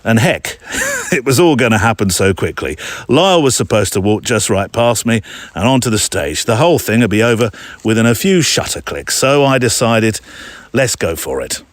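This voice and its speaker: A man's voice: medium pitch, sing-song, normal speed, no room sound. A man hosting a photography podcast, reading a listener's letter aloud and breaking off for playful, jokey asides to the audience. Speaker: podcast host.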